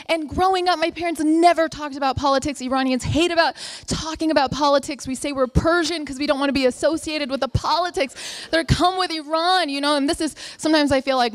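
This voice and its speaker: A woman's voice: sits high, steady tone, a little fast. A young woman telling a funny story live, acting out her family members' voices.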